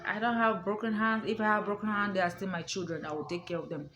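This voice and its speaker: A woman's voice: mid-range voice, fairly even intonation, quick pace, few pauses, a bit bright, slight background noise. A woman telling a family story to her viewers in a casual, emphatic way, repeating her points and checking that the listener understands. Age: adult. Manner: emphatic, repetitive, addresses listener directly.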